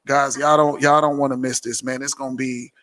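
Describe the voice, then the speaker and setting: Man, casual live-stream host, bright, animated, repeats himself. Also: mid-range voice, a little fast. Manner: animated, repetitive, slangy.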